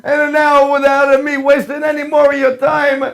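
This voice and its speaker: A man doing a booming Italian pizza-maker. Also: monotone, moderate pace, fairly bright tone. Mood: jovial. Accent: Italian (put on). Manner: broken English, grandly theatrical. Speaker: show announcer.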